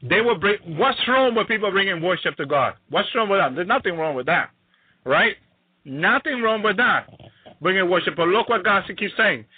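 High-voiced preacher guy, hallelujah every other line, thin phone-like sound. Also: lively intonation, breathy edge, no room sound. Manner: repeats hallelujah and praise Jesus often; reads scripture aloud slowly. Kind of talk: sermon. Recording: tinny phone-like, dry sound.

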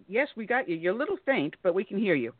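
A woman hosting a talk radio show, hoarse from losing her voice, chatty and clearing her throat often. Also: mid-range voice, sing-song, a little fast, phone-quality sound, slight background noise.

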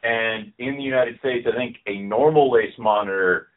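A man's voice: medium pitch, moderate pace, faint music behind. A man with a Philadelphia accent hosting a podcast, talking in a rambling, friendly way full of fillers. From Philadelphia area. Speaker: podcast host. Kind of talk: casual podcast chat. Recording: phone-like call line.

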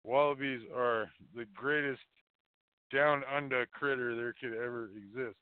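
A man's voice: medium pitch, steady tone, measured pace, clear, resonant tone, no room sound. A man hosting a call-in show, rambling casually with profane, mocking jokes. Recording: phone-like dry lo-fi audio.

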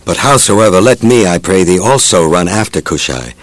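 A male reader gives an eager young messenger who begs to carry the news. The voice stays low, and the recording is dry and close. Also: animated, moderate pace, dry recording. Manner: eager and pleading.

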